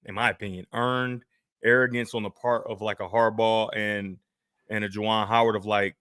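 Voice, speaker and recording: Bright, animated male co-host. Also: fairly low pitch, normal speed, clear, resonant tone, dry recording, clean studio sound. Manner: animated, conversational, rhetorical questions. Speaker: sports show co-host. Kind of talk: casual sports talk.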